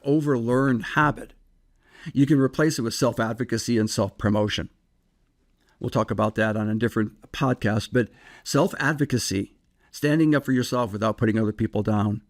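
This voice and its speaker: A psychologist hosts a self-help podcast, his medium-pitched voice earnest and measured as he poses reflective questions to the listener.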